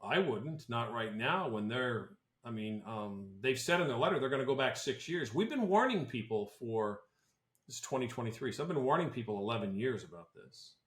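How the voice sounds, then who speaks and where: A man's voice: mid-range voice, lively intonation, normal speed, fairly bright tone. A man who advises on tax planning talks on a podcast in a casual, blunt and opinionated way, often restarting his sentences. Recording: roomy echo.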